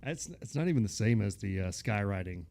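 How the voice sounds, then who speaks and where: A man's voice: on the low side, expressive, brisk, creaky, a little mellow. A man co-hosting a casual comedy podcast, giving offhand remarks that trail off and short dry replies. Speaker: podcast co-host.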